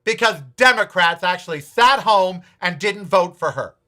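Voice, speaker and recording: High, bright-voiced man ranting. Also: expressive, normal speed. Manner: profane, sarcastic, repetitive challenges. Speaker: podcast host. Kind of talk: ranting political talk.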